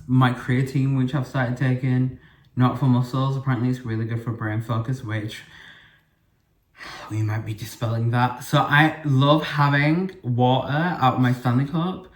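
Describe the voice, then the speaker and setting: Chatty young man in an echoey room. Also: medium pitch. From United Kingdom. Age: young adult. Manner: chatty and rambling, with frequent fillers and self-corrections. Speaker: podcast host. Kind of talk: casual solo podcast monologue. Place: living room.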